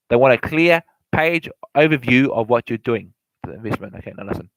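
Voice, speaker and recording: A man's voice: mid-range voice, animated, moderate pace, no room sound, poor audio. A man giving property investment advice in a rambling, repetitive way, often correcting himself and speaking straight to the listener. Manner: repetitive, self-correcting, addresses listener directly. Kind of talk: rambling informal lecture.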